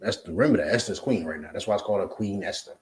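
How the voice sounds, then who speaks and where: A man with a New Jersey accent teaching scripture in an emphatic, profane style, swinging between loud outbursts and low asides. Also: very fast, poor audio. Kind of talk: street preaching lesson.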